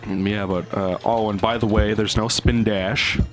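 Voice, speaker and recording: Young man hosting a let's play, lowish voice, laid-back game chat over faint music. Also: normal speed. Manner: rambling, relaxed, explaining game details. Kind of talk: casual gameplay commentary.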